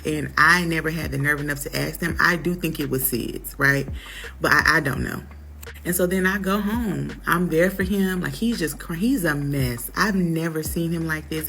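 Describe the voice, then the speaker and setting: A young woman telling a personal story in a casual, animated way, acting out what others said. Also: sits low. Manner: animated, acts out quotes in others' voices.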